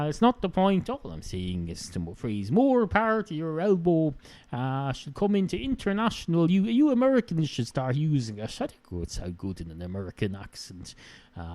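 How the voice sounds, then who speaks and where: Rambling Irish man, lively pitch. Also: dry recording. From Ireland. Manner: meandering, sardonic, many "uh" fillers. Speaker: podcast host. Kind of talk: rambling solo monologue.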